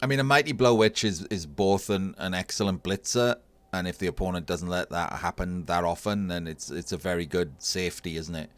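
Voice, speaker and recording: A man casually commentating a video game tournament match, analysing plays in a relaxed, thinking-aloud way. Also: low-pitched, brisk, no echo. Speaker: tournament caster.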